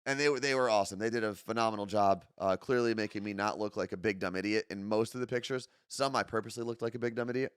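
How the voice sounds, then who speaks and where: A man's voice: lowish voice, fast, few pauses, smooth, dry recording, clean studio sound. A man co-hosting a casual morning show, joking and poking fun at himself. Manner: joking, self-mocking. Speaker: podcast co-host.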